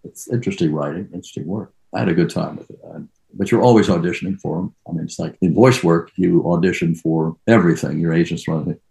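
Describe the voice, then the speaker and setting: Older male actor, very low gravelly voice, rambling anecdotal storyteller. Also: quick pace, few pauses, mellow, rough recording. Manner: rambling, reminiscing, trails off and restarts. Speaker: actor being interviewed. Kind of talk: casual anecdotal interview.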